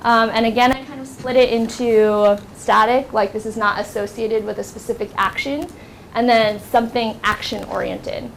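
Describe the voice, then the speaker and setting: A young American woman teaches a workshop class in a university classroom, lecturing casually with plenty of ums and likes. Her voice is a little high, steady and gravelly at a moderate pace, with slight background noise.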